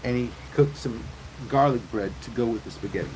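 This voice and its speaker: A man's voice: medium pitch, a little fast, very noisy. A man hosting a casual livestream, telling crude rambling stories and chatting with viewers. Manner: crude, rambling storyteller with loud acted quotes. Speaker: livestream host.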